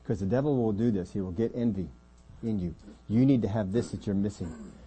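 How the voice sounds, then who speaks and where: A man preaching a sermon as pastor of a church, earnest, often dropping his voice quiet to make a point. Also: lowish voice, a little fast, slightly rough.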